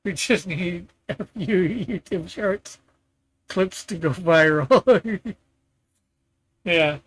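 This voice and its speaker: Unhurried man chatting on a stream. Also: high-pitched, husky. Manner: relaxed and rambling, laughs often. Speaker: comic artist hosting a live stream. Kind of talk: casual live-stream chat.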